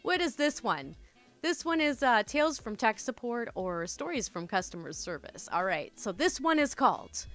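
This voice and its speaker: A woman with a bright, fairly high voice reads stories and chats casually with her listeners. Her delivery is lively and swoops up and down, loose and a little sweary, with faint music behind. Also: no room sound. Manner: chatty, swears, addresses listeners as "my dudes". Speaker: storytime channel host. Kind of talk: casual storytime reading and chat.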